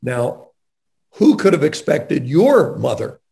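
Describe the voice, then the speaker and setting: Gravelly-voiced guy doing a faith interview, earnest and emphatic, mid pitch. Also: big pitch swings, slow pace, mellow. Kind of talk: faith-based conversational interview.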